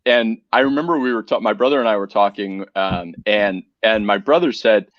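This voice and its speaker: A man's voice: fairly low pitch, normal speed, no echo, dull audio. A man, a whiskey brand co-founder, chatting animatedly as a guest in an interview, often restarting and repeating words. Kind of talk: casual conversational interview.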